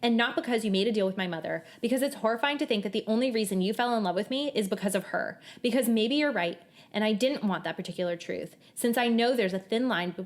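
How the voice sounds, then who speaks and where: A young woman co-hosting a casual book podcast, talking earnestly and reading long quotes aloud. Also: mid-range voice. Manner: animated, earnest, reads quotes aloud at length. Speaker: podcast co-host. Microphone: shared table mic.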